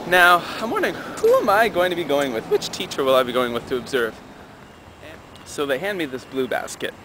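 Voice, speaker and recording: A young man in a vlog telling a personal story in a casual, animated way, acting out the dialogue. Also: fairly quick, background noise. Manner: animated, acts out dialogue with raised pitch.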